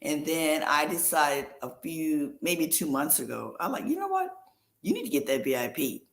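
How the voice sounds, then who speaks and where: A woman guest in a casual chat, telling her story with quick asides and laughs. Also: sits low, animated, creaky, roomy sound.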